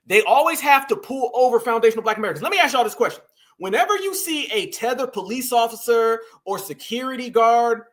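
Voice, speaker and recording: A man's voice: high voice, a bit bright. A man hosting a commentary video who talks in slang, with emphasis, and keeps addressing his viewers as family. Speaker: commentary host. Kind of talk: commentary over video clips.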